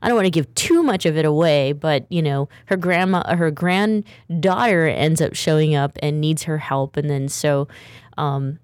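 A woman's voice: sits low, normal speed, darkish tone, smooth, no echo, clean studio sound. A woman hosting a talk show in a chatty, rambling way. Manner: chatty, rambling, laughs often. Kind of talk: casual chat.

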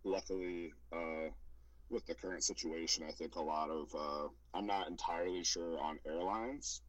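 A man with an extremely deep voice talks in a relaxed podcast chat. He is a powerlifting coach who hesitates often and fills the gaps. The sound is dry and close. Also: normal speed, dry recording, poor audio. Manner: hesitant, many fillers and restarts.

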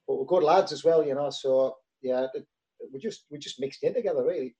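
A man with a mellow, dark voice who chats in an easygoing way. His delivery is loose and unhurried. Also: a little high, rough recording. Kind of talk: casual chat.

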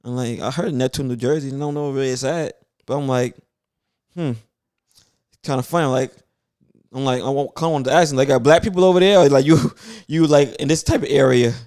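A man's voice: medium pitch, brisk, darkish tone, dry recording, studio quality. Brooklyn man with a New York accent. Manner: loose, storytelling, slangy. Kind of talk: casual chat.

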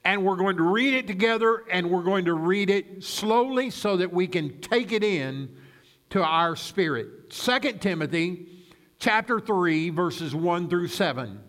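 A man preaching a sermon as pastor, praying and then reading Scripture with slow, deliberate emphasis. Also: high-pitched, lively intonation, a bit bright. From United States.

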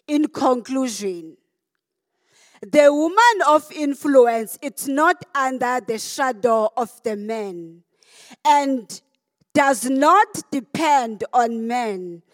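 A woman closing a short sermon at a women's gathering, slow and deliberate as she reads scripture. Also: sits high, lively intonation, no echo, clean studio sound.

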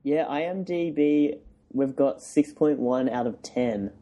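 A man co-hosting a casual podcast, measured and hesitant, thinking aloud with many fillers. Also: fairly high pitch, mellow. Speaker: podcast co-host. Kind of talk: casual chat.

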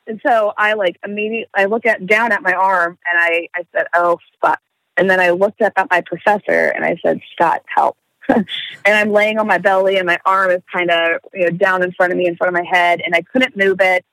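A woman's voice: lowish voice, fairly even intonation, a little fast, fairly bright tone, dry recording, poor audio. A young woman telling a story in casual chat, swearing freely, laughing and acting out the voices of the people in it.

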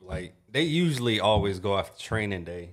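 A man co-hosting a podcast, talking casually in an animated, joking, self-deprecating way. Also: on the low side, normal speed. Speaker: podcast co-host. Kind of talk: casual chat.

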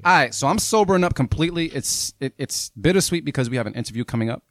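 A man co-hosting a podcast, giving frank, relaxed feedback on beats with plenty of fillers. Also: a little high, quick pace, over music. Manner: laid-back, frank critique with fillers. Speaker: podcast co-host reviewing beats. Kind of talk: casual chat.

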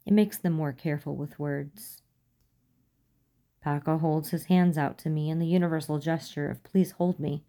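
A woman reading a fan fiction story aloud, calm and unhurried, voicing the dialogue lightly. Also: sits low. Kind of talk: audiobook narration.

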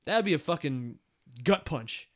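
A young man co-hosting a casual chat, animated and blunt, swearing often and laughing a lot. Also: on the high side, a little slow. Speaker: podcast co-host.

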